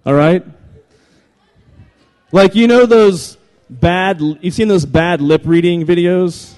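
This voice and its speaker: A lively man speaking to a live audience in a voice that sits a little high. He talks in an animated, playful way, often repeating himself. He cuts in with quick asides to hold the crowd's attention. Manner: energetic, jokey, repeats phrases, calls for attention. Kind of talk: animated, humorous talk to an audience.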